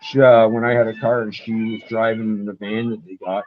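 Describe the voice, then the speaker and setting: Casual male talker on a video call, animated storyteller, muffled lo-fi audio. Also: on the low side, fairly quick, a little hiss or hum.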